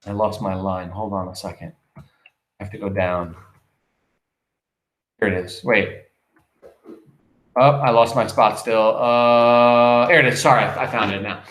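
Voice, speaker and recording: A man's voice: on the low side, roomy sound. A man teaching a class, reading a play aloud and stopping to explain it with questions for his students. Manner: animated, questioning, pauses to explain.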